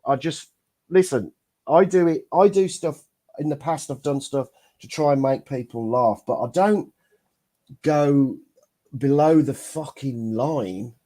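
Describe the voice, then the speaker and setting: A man's voice: mid-range voice, measured pace, dark tone. A man hosting a casual chat, bantering bluntly and swearing a lot.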